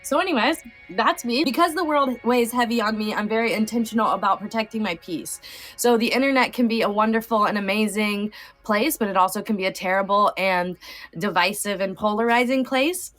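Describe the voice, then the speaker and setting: A woman in her thirties speaks as a podcast guest, open and heartfelt, at times close to tears and leaning on fillers. Her voice sits in a middle range. Soft music plays faintly underneath. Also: medium pitch, a little fast. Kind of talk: emotional casual conversation.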